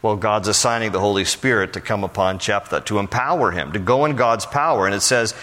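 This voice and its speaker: A man preaching a sermon, reading scripture verses aloud and then explaining them in casual, animated speech with emphatic questions. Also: lowish voice, a little fast. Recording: long hall reverb.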